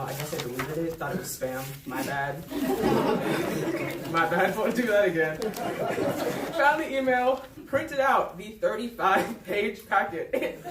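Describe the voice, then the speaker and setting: A young woman telling a personal story at a live story slam, self-deprecating and laughing between lines. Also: mid-range voice. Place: event hall with a live audience. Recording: echoey hall, distant mic, noisy.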